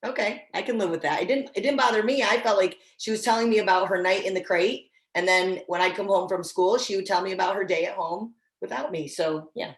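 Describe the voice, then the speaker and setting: A woman's voice: mid-range voice, a little fast, hardly any pauses, reverberant. A woman instructor teaching dog training in a casual, encouraging way, often restarting her sentences. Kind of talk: online training class.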